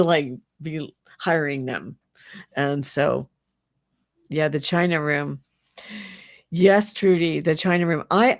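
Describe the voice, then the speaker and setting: A middle-aged woman with a low voice rants heatedly to her viewers. She rambles, restarts her sentences and sounds indignant throughout. The recording is dry and close. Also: dry recording. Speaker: channel host. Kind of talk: solo political rant to camera.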